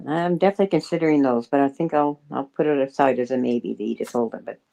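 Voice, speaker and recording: Lower-voiced woman chiming in on a live sale, mellow tone, laid back. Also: fast talker, creaky. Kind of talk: casual live-stream chat.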